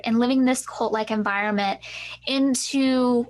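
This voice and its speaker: A woman co-hosting a masterclass, telling her personal story in an earnest, animated way. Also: fairly high pitch, normal speed. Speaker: empowerment coach, co-host.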